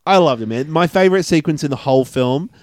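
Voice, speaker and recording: A man's voice: on the high side, fast, no room sound. Easygoing man, dry close voice. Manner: enthusiastic, easygoing, backchannels a lot. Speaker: podcast co-host. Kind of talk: casual chat.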